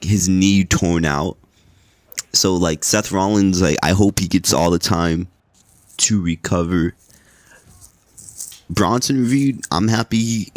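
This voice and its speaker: Laid-back low-voiced man recapping wrestling. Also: a little mellow, no echo. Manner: laid-back, rambling, frequent "like" and cursing. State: sleepy. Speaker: podcast host.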